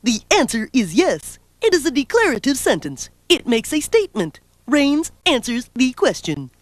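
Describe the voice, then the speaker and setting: Chill cartoon kid explaining answers, woman doing it, high and super sing-songy, dry sound. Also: sing-song, normal speed, no echo. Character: laid-back cartoon kid who says dude. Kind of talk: 1980s educational video acting.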